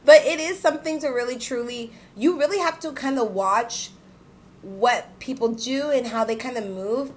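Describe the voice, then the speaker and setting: A young woman co-hosting a podcast in casual chat, agreeable and quick to affirm and laugh along. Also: on the high side. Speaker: podcast co-host.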